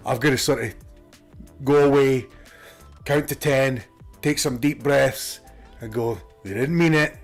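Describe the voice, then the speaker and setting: A Scottish man live-streaming a game, chatting casually with viewers, swearing and laughing freely, a bit sniffly. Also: mid-range voice. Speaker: gaming streamer. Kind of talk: casual live-stream chat and gameplay commentary.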